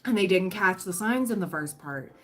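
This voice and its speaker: A woman's voice: mid-range voice, expressive, moderate pace, a bit bright. A woman giving a chatty, reassuring tarot reading on a livestream, full of fillers and restarts, her throat dry and catching. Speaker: tarot reader.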